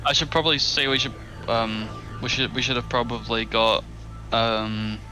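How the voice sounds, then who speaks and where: A man's voice: medium pitch, fairly even intonation, normal speed, music in the background, rough recording. A man playing in a tabletop game, hesitant and casual, often restarting his sentences. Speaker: player.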